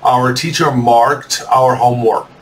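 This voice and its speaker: A man teaching English to young learners, dictating sentences slowly and spelling words out letter by letter. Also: mid-range voice, steady tone. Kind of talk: slow dictation lesson for children. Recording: distant mic with faint room ambience.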